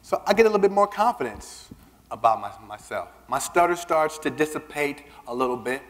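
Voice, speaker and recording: A man giving a keynote speech, telling personal stories in an animated way and acting out the voices of the people he quotes. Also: a little high, fairly quick. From Southern United States. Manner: animated, acts out quoted voices, repeats words when starting a line. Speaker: keynote speaker. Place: large conference hall. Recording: reverberant hall.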